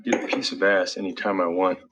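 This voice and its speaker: A man's voice: sits low, little pitch movement, quick pace, a bit bright. An actor playing a crude, boastful young man at a party, heard in a film clip. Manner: bragging, crude. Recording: dull film soundtrack audio.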